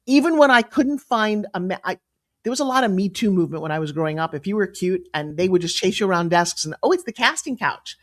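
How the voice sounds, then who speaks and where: A middle-aged woman being interviewed as a guest, telling her stories in a lively, emphatic way with quick asides. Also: fairly low pitch. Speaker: guest, entrepreneur and pitch coach. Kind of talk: animated storytelling interview.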